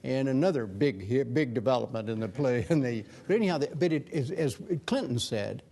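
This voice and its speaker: An older man, a former news anchor, speaking as a guest author at a Q&A, conversational with many restarts and lively quoted asides. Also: medium pitch, normal speed. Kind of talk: lecture Q&A talk.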